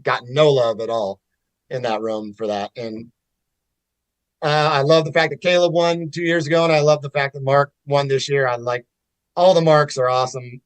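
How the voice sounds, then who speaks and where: A man's voice: mid-range voice, fairly even intonation, moderate pace, dry recording, rough recording. A man in casual podcast conversation, talking candidly with restarts and swearing. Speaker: podcast guest. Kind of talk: casual chat.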